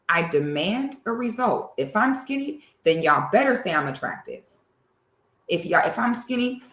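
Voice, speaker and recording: A woman doing reaction commentary in a sassy, animated, drawling way. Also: fairly low pitch, echoey room. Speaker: commentary host.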